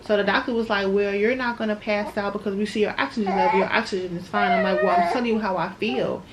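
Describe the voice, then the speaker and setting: Young woman, casual to-camera storyteller, medium pitch, emotional and talky, steady background noise. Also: quick pace. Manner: chatty, addresses viewers as y'all, emotional retelling. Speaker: new mother vlogger.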